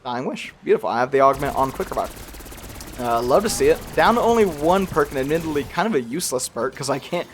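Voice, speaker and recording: A man's voice: on the high side, lively intonation, fairly quick, slight background noise. Rambling young man with a slight accent. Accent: slight regional accent he tries to hide. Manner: rambling, self-deprecating, laughs often. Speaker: gaming youtuber. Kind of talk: casual gameplay commentary.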